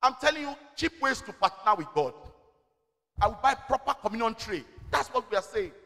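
A man preaching with a high, animated voice that climbs and falls freely, urging his congregation to answer back. He slows right down to read scripture with weight. His voice rings with the long reverb of a church hall. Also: gravelly. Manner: exhorting, call-and-response with the congregation; reads scripture slowly and deliberately. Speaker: senior pastor. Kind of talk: sermon. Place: church service.

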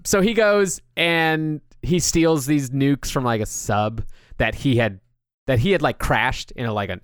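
A man's voice: medium pitch, a bit bright, clear, resonant tone, no room sound, studio quality. A man hosting a podcast, chatting casually and loosely with lots of filler words. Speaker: podcast host.

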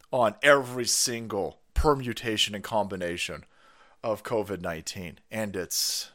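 A man's voice: medium pitch, a bit bright. A man hosting a live stream, ranting heatedly and mockingly with lots of swearing. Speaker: stream host. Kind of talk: profane ranting commentary.

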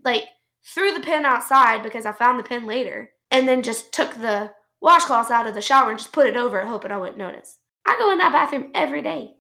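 A woman co-hosting a podcast, telling an angry story about her kids in a casual, animated way with plenty of swearing. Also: high voice. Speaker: podcast co-host; mother. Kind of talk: casual ranting chat.

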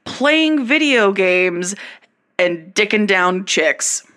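A woman with a light Southern drawl co-hosts a casual podcast chat, blunt and quick to swear. Her voice is bright and sharp. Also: medium pitch, animated. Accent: subtle Southern US drawl. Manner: blunt, profane banter.

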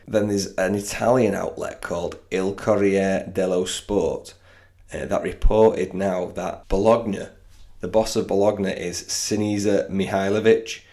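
A man's voice: deep voice, steady tone, measured pace, vocal fry, warm tone. A man co-hosting a casual football podcast, bantering with a friend, laughing and swearing now and then. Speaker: podcast co-host.

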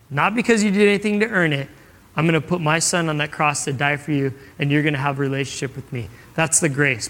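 A man's voice: a little high, fairly bright tone. Man preaching casually in a big hall. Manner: casual, conversational storytelling with acted-out quotes. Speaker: pastor. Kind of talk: sermon.

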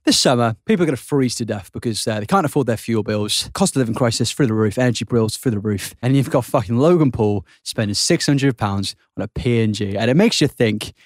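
A man's voice: mid-range voice, lively intonation, brisk, hardly any pauses, no room sound, studio quality. A man co-hosting a podcast, casual chat, laughing and ranting with plenty of swearing. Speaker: podcast co-host.

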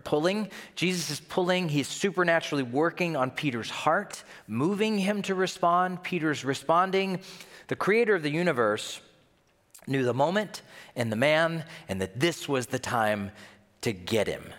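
A pastor delivers his sermon in a chatty, animated style, and his pitch swings widely as he acts out scenes. His voice carries a long reverb from a large church hall. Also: normal speed.

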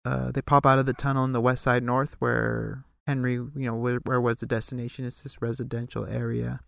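Podcast co-host, male, gravelly voice, relaxed recap delivery, dry close sound. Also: medium pitch, brisk, no room sound. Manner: relaxed, recaps scenes and acts out lines. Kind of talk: casual recap chat.

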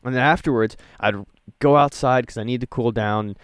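A man's voice: medium pitch, a little fast, smooth, no room sound. Young man, casual talk, dry close sound. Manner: animated, acts out his own reactions in raised voice. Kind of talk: casual podcast chat.

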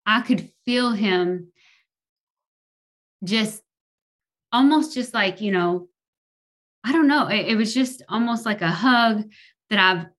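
A woman from Kentucky, speaking with a Kentucky Southern American accent, tells her personal story as a podcast guest. Her medium-pitched, slightly bright voice is slow and often pauses, and she's hesitant, uses many fillers and laughs easily.

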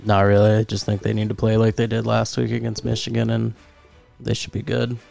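Gravelly low-voiced young man. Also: monotone, brisk, darkish tone, faint music behind. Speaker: podcast co-host. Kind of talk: casual sports chat.

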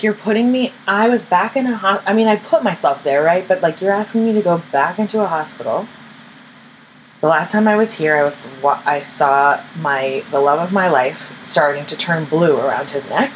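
A woman's voice: on the low side, moderate pace, slight background noise, low-quality recording. A young woman hosting a podcast, telling a personal story in a candid, self-mocking way, swearing and acting out the people she quotes. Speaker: podcast host.

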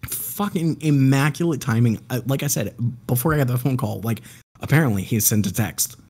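A man's voice: medium pitch, brisk, husky. A man casually telling a long story to friends on a call, swearing freely and acting out the voices of the people in it. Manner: profane, animated storyteller who acts out quoted voices. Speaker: podcast guest telling a story.

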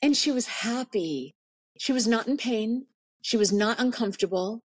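A woman's voice: fairly high pitch, moderate pace, husky. A middle-aged woman in a podcast interview, telling a personal story earnestly and stressing points by repeating words. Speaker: podcast guest, animal sanctuary founder.

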